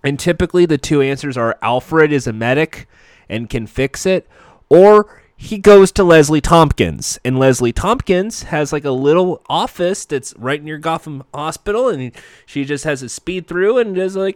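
Male recap commentator, animated and sarcastic, swears freely, dry close sound. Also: fairly high pitch, moderate pace, dry recording. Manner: sarcastic, profane, rambling.

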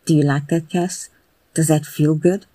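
Reader doing a coaxing affectionate guy, husky and slow, flat dark tone. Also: mid-range voice, dry recording, close to an everyday voice, rough recording. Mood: tender, coaxing. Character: coaxing, affectionate adult man.

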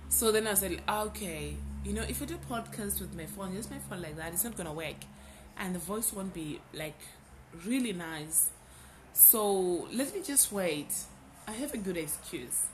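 A young adult woman hosting a podcast, telling a personal story in a casual, animated way and repeating words for emphasis. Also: medium pitch, normal speed, a little hiss or hum. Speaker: podcast host.

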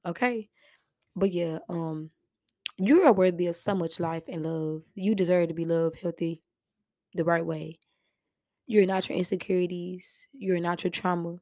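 A woman's voice: on the low side, a little mellow, no room sound, studio quality. A young woman hosting her own podcast, giving heartfelt motivational talk in casual, slang-filled speech. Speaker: podcast host.

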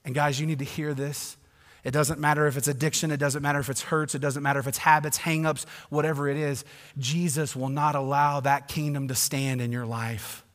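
A male pastor preaching a sermon emphatically, swinging between loud declarations and hushed asides. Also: on the high side, level tone, fairly quick, in a large hall.

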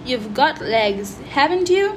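A cheerful country boy who loves animals, read by a woman. His lines are slow and fairly high. Steady background noise sits under the voice. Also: exaggerated voice. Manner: read-aloud dialogue.

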